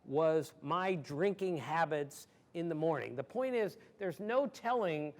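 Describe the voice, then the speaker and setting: Lively man in his sixties telling stories. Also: a little high, a little slow. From Maryland, USA. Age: 60s. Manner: animated, emphatic, laughs readily. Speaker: guest sportswriter. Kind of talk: storytelling in an audience Q&A.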